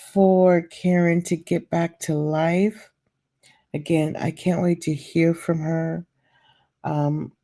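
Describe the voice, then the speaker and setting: A woman's voice: sits low, mellow. A woman giving chatty, gossipy commentary in a home vlog at night, full of fillers and fond asides. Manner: chatty and gossipy, with many fillers and endearments like "child" and "baby". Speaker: vlogger.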